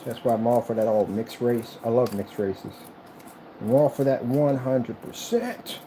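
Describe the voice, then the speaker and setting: A man's voice: mid-range voice, expressive, measured pace, mellow, a little hiss or hum, poor audio. A man vlogging as he builds a computer, chatting casually in a rambling, repetitive and enthusiastic way. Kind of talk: casual chat while building.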